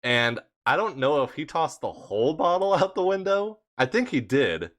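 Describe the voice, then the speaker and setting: A man's voice: fairly high pitch, sing-song, normal speed, a bit bright. A young man co-hosting a podcast, telling a college story in a laid-back, casual way and laughing often. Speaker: podcast co-host.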